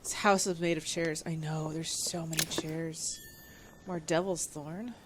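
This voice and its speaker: A woman streamer giving casual, excitable gameplay commentary and reading on-screen text aloud. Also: low-pitched, measured pace, background noise.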